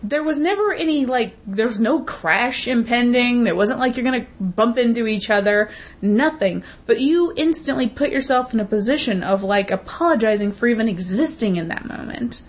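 A woman's voice: fairly high pitch, lively intonation, moderate pace. A woman co-hosting a podcast, ranting bluntly and emphatically in casual chat, with frequent swearing. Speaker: podcast co-host.

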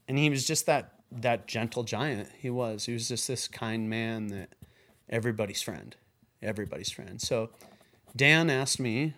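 A man, a ski club employee, telling a personal story in a rambling, animated way and acting out the quoted voices. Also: medium pitch. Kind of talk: casual storytelling.

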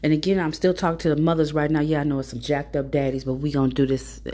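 A woman's voice: low-pitched, level tone, fast talker, mellow. A woman in a casual storytelling monologue, giving blunt, profane, preachy advice to mothers.

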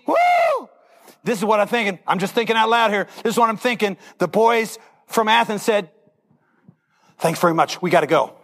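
A man's voice: sits high, fairly bright tone. A middle-aged male pastor telling a Bible story in a sermon, acting out the characters' lines with animation.

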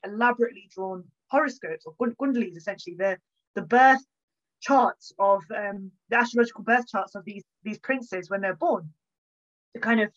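Animated woman historian, lo-fi audio. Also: fairly high pitch. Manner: animated storyteller, acts out quoted exchanges. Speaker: historian guest. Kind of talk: conversational interview. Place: home, bookshelf behind her.

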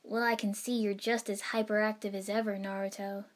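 A woman's voice: medium pitch, little pitch movement, fairly quick, lightly acted. Woman doing a young male ninja teacher, kind, patient, friendly, storybook reading. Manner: friendly, explaining.

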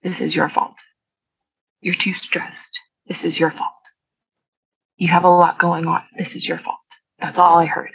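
A young woman as a podcast guest, telling a personal story in a quiet, halting and reflective way. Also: fairly low pitch, vocal fry, husky, no room sound, rough recording. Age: young adult.

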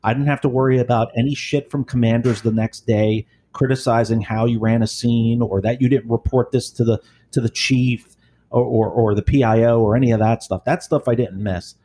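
A former police supervisor chatting casually, telling blunt, profane, rambling stories. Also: male voice, mid-range voice, steady tone, fairly quick, mellow, a little hiss or hum. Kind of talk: casual storytelling chat.

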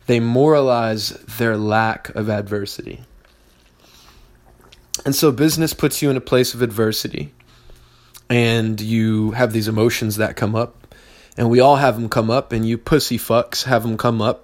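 A man hosting a solo business podcast, talking in a blunt, heavily profane and mocking way. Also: medium pitch. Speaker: business owner and podcast host.

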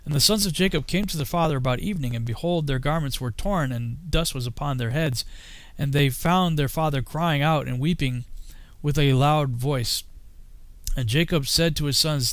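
A man reading an old scripture text aloud in a solemn, measured way, sometimes slipping and correcting himself. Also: a little high, dry recording. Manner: solemn, archaic phrasing with occasional slips and self-corrections. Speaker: reader.

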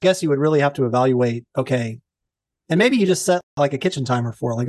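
A man co-hosting a podcast in casual chat, an animated storyteller who swears freely. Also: medium pitch, fast, no echo. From Texas. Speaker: podcast co-host.

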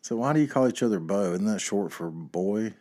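Low-voiced southern dude rambling on his podcast, swearing a lot, tons of ums. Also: lively intonation, fairly quick, a little mellow. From American South. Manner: rambling, profane, lots of fillers. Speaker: podcast host. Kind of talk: casual solo podcast ramble.

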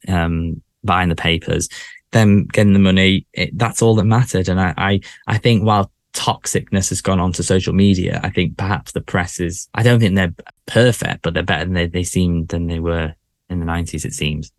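A man with a very low voice chats casually as a podcast co-host. He hesitates and restarts often. The sound is dry and close. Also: steady tone, normal speed, no room sound. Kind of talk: casual chat.

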